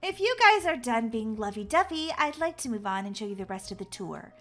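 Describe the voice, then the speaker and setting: A woman's voice: fairly high pitch, big pitch swings, brisk, a bit bright, pitched below the performer's own voice. Lady doing a chirpy daycare tour lady, sweet explaining voice, music faint behind. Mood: friendly. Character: cheerful female daycare tour guide.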